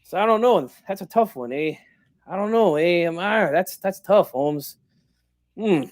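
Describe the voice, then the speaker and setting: A man doing a proud old-school boxing father, touchy, slangy, higher-pitched voice. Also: animated, a little slow. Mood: boastful. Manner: streetwise slang, tags every line with "eh" and "Holmes". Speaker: guest in character.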